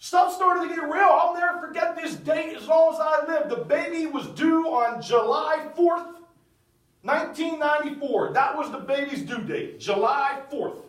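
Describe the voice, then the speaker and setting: A middle-aged man tells a personal testimony with a high, lifted voice that bursts loud and then drops to a hush. He stands well back from the mic in an echoey room. His storytelling is dramatic and uneven. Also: normal speed, distant mic. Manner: storytelling, swings from loud outbursts to hushed near-whispers. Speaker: speaker sharing a personal testimony. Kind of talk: testimony talk.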